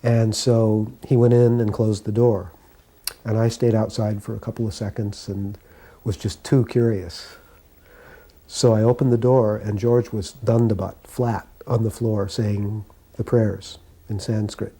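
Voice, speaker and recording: A man calmly telling stories from his years as a devotee, recounting memories in an unhurried way. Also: lowish voice, slightly rough. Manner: calm, unhurried anecdote telling. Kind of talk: reminiscing storytelling.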